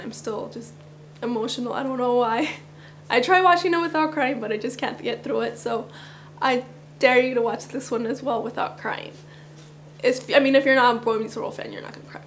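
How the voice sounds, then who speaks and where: A woman's voice: high-pitched, a little hiss or hum. A woman vlogger chatting casually through a fan countdown, rambling a little, her morning voice slightly cracking.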